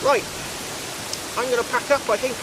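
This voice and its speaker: A man's voice: extremely high pitch, fairly even intonation, normal speed. A man with a West Country accent, chatting casually to camera as a metal detecting vlogger, rambling and talking to himself as he works in rural fields. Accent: West Country English. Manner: chatty, rambling, talks to himself while working. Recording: hissy outdoor recording with wind and rain.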